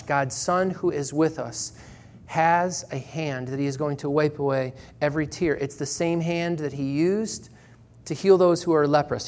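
A man preaching a sermon in church, earnest and measured, slowing down and pausing for emphasis. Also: a little high, darkish tone, slight background noise. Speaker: pastor.

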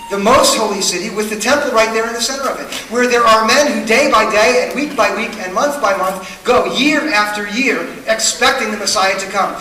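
A man's voice: high voice, bright, forceful tone, slight background noise. A man preaching a sermon to a congregation, earnest and questioning, building his points through repetition. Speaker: pastor. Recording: echoey hall, mic at a distance.

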